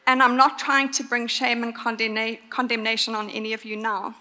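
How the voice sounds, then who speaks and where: Bright-voiced woman preaching in a reverberant church. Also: fairly high pitch, flat delivery. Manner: earnest, emphatic, with pauses for stress. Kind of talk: sermon.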